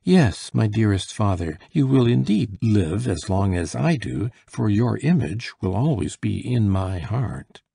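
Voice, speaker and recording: A man's voice: sits low, lively intonation, unhurried, creaky, few pauses, dark tone, husky, heavily acted. A male reader voicing an anguished young nobleman who pleads with his dying father in a raised, urgent voice. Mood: pleading.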